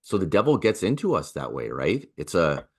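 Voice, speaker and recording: Deep-voiced man telling stories. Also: sing-song, moderate pace, breathy edge. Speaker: podcast guest. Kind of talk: casual conversation.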